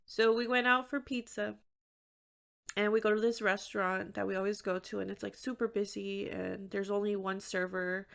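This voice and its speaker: A woman's voice: medium pitch, flat delivery, normal speed, creaky. Candid woman hosting a solo podcast. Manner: candid and conversational, frequent "like" fillers. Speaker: podcast host.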